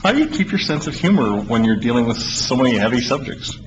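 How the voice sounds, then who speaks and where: A man's voice: medium pitch, sing-song, quick pace. A man interviewing an author, asking brief, plain questions. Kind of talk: broadcast interview. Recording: slightly muffled with faint hiss.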